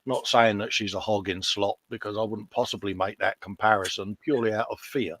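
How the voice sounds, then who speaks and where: A man's voice: lowish voice, fairly even intonation, fairly quick, fairly bright tone, no echo. A man in his fifties chatting casually on a live stream, self-mocking and jokey, calling everyone mate. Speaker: co-host.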